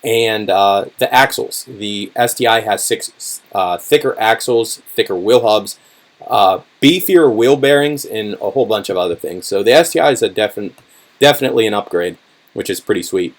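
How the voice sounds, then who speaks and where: A man hosting a casual livestream, with a hoarse, worn-out voice, talking loosely with lots of fillers as he answers chat. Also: fairly low pitch, normal speed. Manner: chatty, many fillers, car-enthusiast talk. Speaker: channel host answering live chat.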